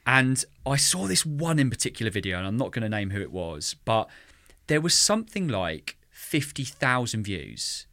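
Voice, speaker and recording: A man's voice: medium pitch, normal speed, dry recording. A man co-hosting a podcast, talking passionately about music teaching and scatting drum rhythms. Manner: passionate, animated, mimics drum rhythms vocally. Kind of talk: casual podcast chat.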